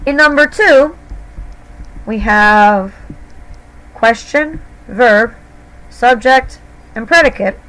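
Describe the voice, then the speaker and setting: A woman's voice: on the high side, takes it slowly, long pauses, a bit bright, poor audio. A woman teacher explaining grammar to her students patiently, step by step, in a recorded lesson. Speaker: Spanish teacher.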